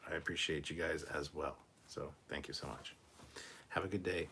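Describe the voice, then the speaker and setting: A man hosting a casual livestream, reading viewer comments aloud and answering them in a relaxed, off-the-cuff way, swearing freely. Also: rumbling low, normal speed, gravelly, a little hiss or hum. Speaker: livestream host reading chat. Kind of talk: casual live chat.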